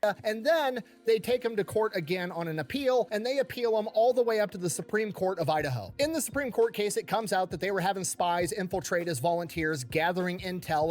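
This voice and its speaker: A man retelling a history story with sarcasm and profanity, ranting in exasperation. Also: high voice. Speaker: history commentator.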